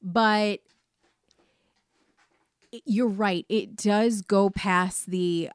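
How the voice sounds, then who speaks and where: A woman from New York co-hosting a casual review chat, measured and calm as she pushes back. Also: medium pitch, smooth, dry recording, studio quality. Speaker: podcast co-host.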